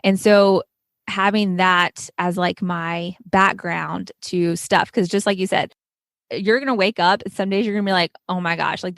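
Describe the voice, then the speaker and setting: A young woman hosts a podcast in a casual, earnest chat about faith, filling her sentences with easy little fillers. Her voice sits at a middle pitch and sounds close and dry, with no room around it. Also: a bit bright, no echo. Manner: chatty, many "like" fillers, earnest. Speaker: podcast host.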